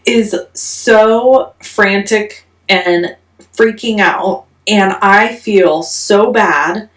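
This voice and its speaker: Lively woman telling a story in an echoey room. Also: mid-range voice, far from the mic. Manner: animated, self-mocking, restarts often. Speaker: crafting vlogger. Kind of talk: casual storytelling.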